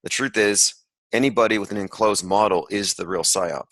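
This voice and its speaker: A man's voice: lowish voice, normal speed, a bit bright, dry recording, low-quality recording. A man hosting an online call, giving rambling, sarcastic commentary while reading an article aloud. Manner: sarcastic, rambling, with frequent asides. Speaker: podcast host.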